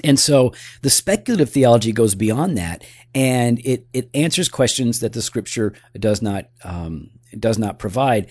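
A man's voice: medium pitch, lively intonation, normal speed, few pauses, darkish tone, no echo. A man co-hosting a casual theology podcast, earnest and a bit teasing, often restarting his sentences. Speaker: podcast co-host.

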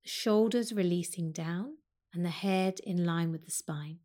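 A woman teaching yoga, speaking slowly and calmly as she guides a breath meditation. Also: lowish voice. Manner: slow, calm and soothing.

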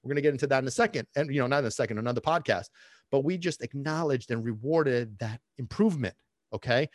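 A man's voice: medium pitch, fast talker, no room sound, studio quality. A man hosting a dog-training podcast, talking bluntly and cursing, teasing listeners with quiz questions. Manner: lively, jumps between loud and hushed. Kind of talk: solo podcast talk.

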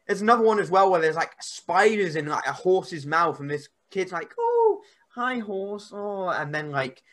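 A man, a podcast guest, telling stories in a rambling, animated way. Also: on the high side, normal speed. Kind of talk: casual podcast chat.

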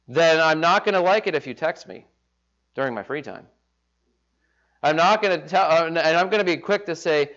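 A man's voice: a little high, moderate pace, a bit bright. Conversational male pastor preaching. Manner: conversational, acts out quoted voices. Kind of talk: sermon. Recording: slightly dull lo-fi sound.

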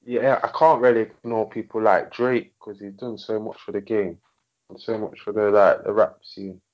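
A man with an English accent, a rapper guest in casual chat, relaxed and hesitant, laughing easily. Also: fairly low pitch, moderate pace, lo-fi sound. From England.

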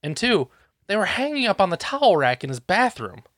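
A man's voice: high-pitched, sing-song, fairly quick, fairly bright tone, no echo, studio quality. A man telling a work story in casual chat, ranting and swearing with exasperation.

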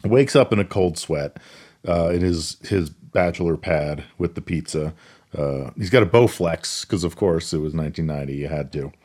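A man's voice: low-pitched, normal speed, darkish tone. A man co-hosting a casual podcast, walking through a film's plot in an easygoing way. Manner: easygoing plot narration with fillers. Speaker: podcast co-host. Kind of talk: casual movie recap chat.

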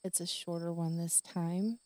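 A woman in her forties hosting a solo podcast, talking in a rambling, chatty way about her week, with soft laughs. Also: on the low side, fairly even intonation, a little slow, a little hiss or hum. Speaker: podcast host. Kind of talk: casual solo podcast chat.

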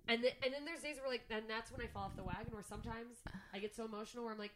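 A woman's voice: fairly high pitch, fairly even intonation, racing, a crowd in the background. A young adult woman comedian talking candidly and emotionally on a podcast, swearing often and getting tearful at times. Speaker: guest comedian.

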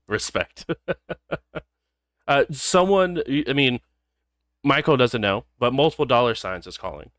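A man's voice: medium pitch, lively intonation, unhurried, pauses often, fairly bright tone, no echo, studio quality. A man running a tabletop role-playing game as game master, easygoing and asking the players questions.

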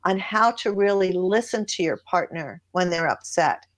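Woman, relationship guest, conversational advice, animated, acts out lines. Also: lowish voice, normal speed. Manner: animated, acts out dialogue in her stories. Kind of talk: advice-giving podcast conversation.

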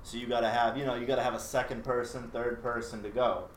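A male guest on a podcast answering questions in a calm, steady way. He sits well back from the mic in a roomy, echoing space. A faint noise lies under his voice. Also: mid-range voice, quick pace, far from the mic. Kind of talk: casual interview answers.

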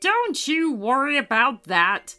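A kindly skeleton welcomes lost children into a storybook house, as a woman narrator puts him on. The voice is bright and swings widely in pitch, taking its time with each reassuring line. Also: big pitch swings, slow, soft background music, exaggerated voice. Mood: cheerful. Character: friendly talking skeleton butler, male.

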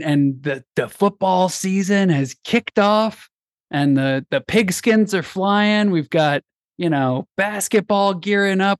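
A man's voice: on the high side, no echo, studio quality. A man hosting a casual sports podcast, rambling and self-deprecating with lots of restarts. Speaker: podcast host.

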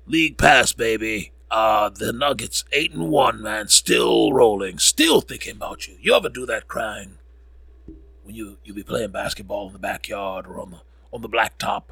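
A man's voice: lowish voice, moderate pace, creaky, sharp tone, breathy edge, no room sound. A man hosting a podcast, rambling through sports scores with jokes and frequent self-corrections. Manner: rambling, joking, corrects himself often. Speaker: podcast host. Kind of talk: casual sports score recap.

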